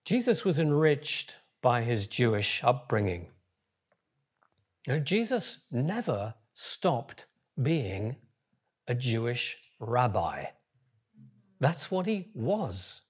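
A man preaching a sermon, swinging from quiet, careful reading to loud calls to the crowd. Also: medium pitch, very animated, slow, pauses often, breathy edge.

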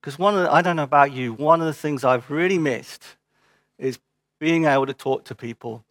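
A male pastor preaching in an earnest, emphatic way, driving his points home with short repeated phrases. His voice sits a little high for a man and is recorded close and dry, with no room sound. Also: brisk, a bit bright, no echo. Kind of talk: sermon, then church notices.

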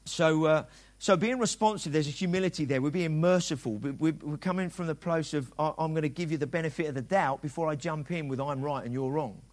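A middle-aged pastor delivers a sermon in a relaxed, chatty way. His voice sits a little high for a man, and he slips into little acted-out exchanges to make his points. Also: fairly quick, hardly any pauses. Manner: conversational preaching, acts out quoted dialogue.

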